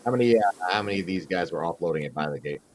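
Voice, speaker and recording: A man playing a tabletop game, asking lots of questions with quick restarts. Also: sits low, slight background noise, poor audio. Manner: lively, asks questions with restarts. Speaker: player. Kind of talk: casual tabletop game play.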